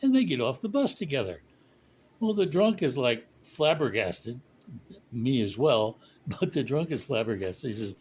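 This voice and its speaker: A man casually telling a long joke, rambling with fillers and slowing down for punchlines. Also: medium pitch, sing-song, a little mellow, husky, poor audio. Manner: rambling, chuckling, slows for punchlines. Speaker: storyteller.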